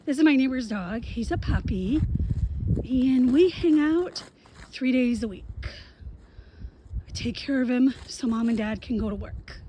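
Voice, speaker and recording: A woman's voice: sits high, lively intonation, a little slow, long pauses, warm tone, slight background noise. A young adult woman talking frankly to the camera in a casual vlog, open and self-deprecating about her daily life and money. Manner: frank, self-deprecating, talks to viewers directly. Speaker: single mom vlogger.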